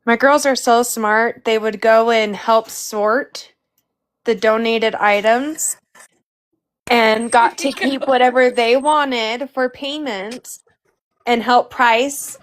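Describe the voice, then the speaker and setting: A woman guest speaking in a relaxed, chatty way in casual conversation, a mother sharing family stories. Her voice sits a little high for a woman, and she takes her time with her words. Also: takes it slowly. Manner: relaxed, chatty, laughs often. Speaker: guest, mother of a missing teen. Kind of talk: casual chat.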